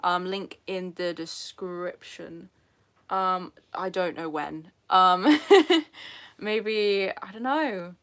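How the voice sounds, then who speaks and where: A young woman from England with a British accent chats casually on a live stream from her sofa at home, her fairly low, slightly bright voice drawing out words. She's self-deprecating and laughs often as she reads the chat.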